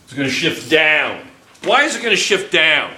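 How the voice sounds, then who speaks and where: A man's voice: a little high, sing-song, moderate pace, pushed and bright. A man teaching chemistry to a class, playful and joking, firing questions at his students. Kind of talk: classroom lecture. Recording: echoey classroom.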